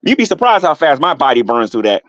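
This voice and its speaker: Middle-aged male vlogger, defensive rant, voice a touch high, dry and lo-fi. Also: fast, no echo. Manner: animated, defensive, repeats himself, rises in pitch when heated. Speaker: YouTuber. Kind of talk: rambling vlog rant.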